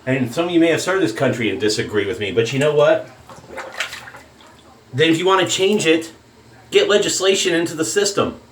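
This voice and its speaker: A man's voice: fairly high pitch, animated, brisk, pauses often, a little hiss or hum. A man delivering a heated, profane rant in a shaving vlog. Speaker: shaving vlogger. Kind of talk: angry political rant. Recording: echoey room.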